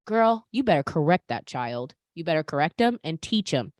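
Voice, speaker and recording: Animated woman chatting on a podcast. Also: deep voice, normal speed, dry recording, clean studio sound. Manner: animated, talks to listeners as "you guys". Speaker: podcast host. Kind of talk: casual chat.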